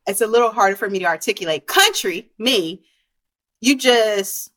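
A woman from South Carolina, a guest in a casual conversation, speaking in unhurried, drawn-out phrases with many pauses. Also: mid-range voice, lively intonation, fairly bright tone. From South Carolina, USA.

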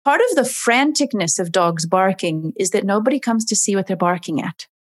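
A woman's voice: mid-range voice, animated, normal speed. A woman, a dog behavior expert, explaining in an interview and acting out dogs and owners in voices.

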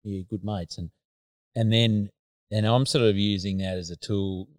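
Deep-voiced, reflective Australian host. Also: male voice, steady tone, normal speed, dry recording. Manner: reflective, hesitant, many fillers. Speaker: podcast host. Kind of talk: casual conversational interview.

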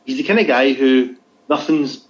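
A man's voice: medium pitch, normal speed. A man co-hosting a podcast, reading out odd news stories with dry, teasing asides. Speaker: podcast co-host. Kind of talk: casual chat. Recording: dull lo-fi sound.

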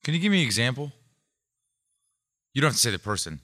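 Emphatic, lively podcast host man. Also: quick pace, no echo, clean studio sound. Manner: emphatic, probing, swings in pitch. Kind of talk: casual interview chat.

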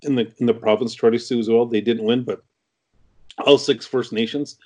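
A man's voice: medium pitch, steady tone, moderate pace, a little mellow. A middle-aged man from Canada, an interview guest, telling a story casually with many restarts and fillers.

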